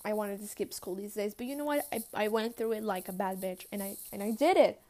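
A teenage girl telling casual storytime anecdotes, chatty and quick to swear and laugh, with lots of "like". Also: mid-range voice, mellow. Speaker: vlogger.

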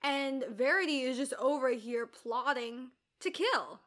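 A woman's voice: high voice, lively intonation, measured pace, a bit bright. A young woman co-hosting a casual book chat. She gives opinionated takes with plenty of fillers. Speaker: book discussion co-host.

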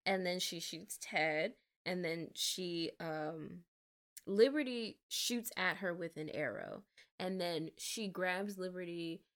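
A woman's voice: fairly low pitch, lively intonation, slow, a bit bright. A woman in a casual chat, animatedly retelling a movie's scenes and acting out the characters' lines. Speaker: podcast co-host.

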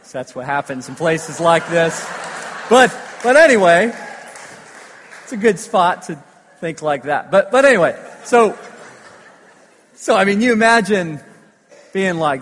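A man preaching a sermon, telling stories with lively emphasis that swings between loud declarations and hushed asides. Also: a little high, moderate pace, long pauses, slightly rough. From United States. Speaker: pastor. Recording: long hall reverb.

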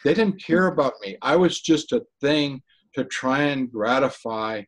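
A man giving an earnest personal testimony in an interview, talking haltingly with frequent restarts. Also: mid-range voice, expressive, poor audio. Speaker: interview guest.

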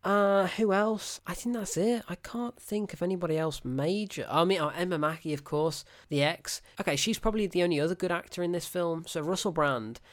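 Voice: mid-range voice, a little fast, hardly any pauses. A film reviewer giving a casual, unscripted review, blunt and exasperated, laughing often and correcting themselves mid-sentence. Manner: rambling and unscripted, with self-corrections.

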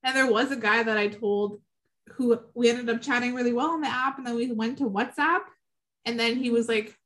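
A woman's voice: a little high, steady tone, brisk, fairly bright tone. A woman in her thirties co-hosting a podcast, chatting frankly and casually and swearing now and then. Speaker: podcast co-host. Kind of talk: casual chat.

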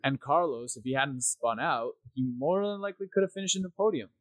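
A man's voice: medium pitch, expressive, a little fast, no echo, poor audio. A man co-hosting a podcast in casual chat, rambling with many fillers and checking in with "right?". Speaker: podcast co-host.

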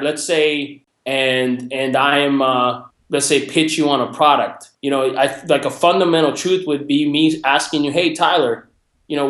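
A man talks through his sales career in a lively, conversational manner and acts out the customers in his stories. His pitch sits in the middle range. The room adds a clear echo around his voice. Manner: animated, acts out quoted customers in raised voice. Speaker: guest sharing sales experience. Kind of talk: conversational storytelling. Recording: roomy echo.

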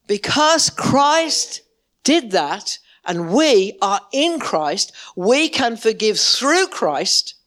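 A woman's voice: a little high, sing-song, very slow, a bit bright. A woman preacher delivering a sermon in a church, impassioned and emphatic, with repeated words for weight.

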